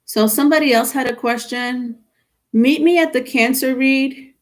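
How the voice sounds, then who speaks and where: A woman's voice: high-pitched, normal speed. A woman reading tarot on a live stream, talking with viewers in a chatty, casual way, reading their comments aloud and calling them honey. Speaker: tarot reader.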